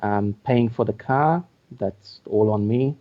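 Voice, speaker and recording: A man's voice: lowish voice, slow. Hesitant man over dull lo-fi audio. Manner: hesitant, lots of fillers and restarts. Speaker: co-host. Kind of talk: casual chat.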